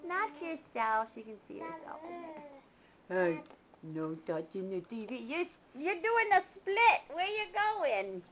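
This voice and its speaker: High, sing-song woman in baby talk. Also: big pitch swings, a little slow, long pauses, a little hiss or hum. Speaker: parent filming a baby. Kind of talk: home video baby talk.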